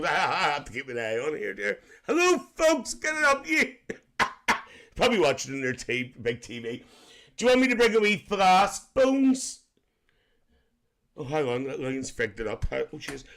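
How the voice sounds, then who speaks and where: Guy doing a cheeky northern irish aunty, bit high, voice jumps all over, calls everyone dear. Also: sing-song, moderate pace, fairly bright tone, slight background noise. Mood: chatty. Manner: chatty, calls everyone dear, laughs often. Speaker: livestream host. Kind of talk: live-stream chat with viewers.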